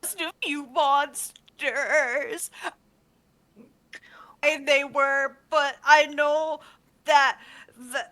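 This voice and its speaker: A woman voicing a timid young female gnome apprentice who stammers, apologizes and speaks slowly in a shaky, tearful voice. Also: high-pitched, steady tone, sharp tone, pitched above the performer's own voice, heavily acted.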